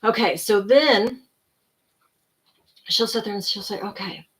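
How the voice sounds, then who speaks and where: A tired woman giving casual self-help talk, rambling and relaxed, now and then dropping to soft whispered breathing cues. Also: mid-range voice, takes it slowly, breathy edge, poor audio.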